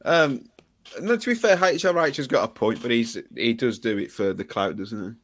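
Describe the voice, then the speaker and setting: A man's voice: mid-range voice, expressive, normal speed, a bit bright. A man co-hosting a fan show live stream, chatting casually and teasing his guests with lots of laughter.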